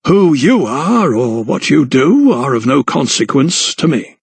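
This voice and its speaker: A man's voice: mid-range voice, sing-song, a little slow, gravelly, slightly rough, no echo, heavily acted. A man playing a prim, supercilious little notary. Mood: prim, stiff. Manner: prim, indignant, stiff.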